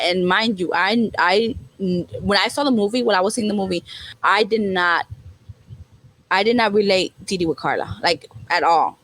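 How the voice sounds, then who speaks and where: A woman's voice: fairly low pitch, no room sound, rough recording. Fields: Sex: woman. Role: podcast co-host. Style: candid chat. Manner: blunt, swears freely, switches into Spanish.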